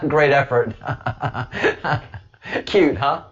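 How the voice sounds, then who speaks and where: A man's voice: medium pitch, very slow, fairly bright tone. A man hosting a radio show, joking and laughing with his co-host. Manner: jokey, laughing, boastful. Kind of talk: casual on-air banter. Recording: dull lo-fi audio.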